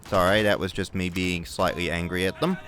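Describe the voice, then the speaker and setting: A man's voice: deep voice, steady tone, a little fast, noisy background. A young New Zealand man with a New Zealand accent, rambling and swearing through gameplay commentary, with angry outbursts. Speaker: gaming video creator.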